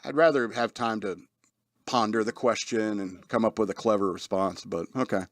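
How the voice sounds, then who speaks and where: A man's voice: lowish voice, steady tone, moderate pace, no echo. A man hosting a casual radio talk show, rambling with frequent laughs and restarts. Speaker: host.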